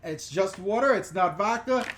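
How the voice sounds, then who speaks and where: Live Q&A host from the New York or New Jersey area, mid-pitched, rambling and chatty, greets commenters loudly. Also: expressive, moderate pace, a little hiss or hum. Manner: chatty, rambling, reads viewer comments aloud with bright greetings. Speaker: channel host answering viewer questions. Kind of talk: casual live-stream Q&A.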